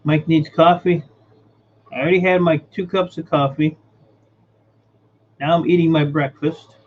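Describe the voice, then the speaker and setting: A man's voice: on the high side, fairly even intonation, a little slow, narrow, tinny audio. A man hosting a casual livestream, greeting viewers by name and muttering while he fixes his setup. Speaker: livestream host. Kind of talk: casual live-stream chat.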